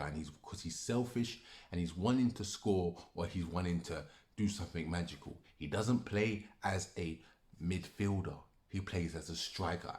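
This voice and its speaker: Heated and repetitive, a football fan with a deep, darkish voice rants angrily, swearing as he argues. The recording has an echoey room sound.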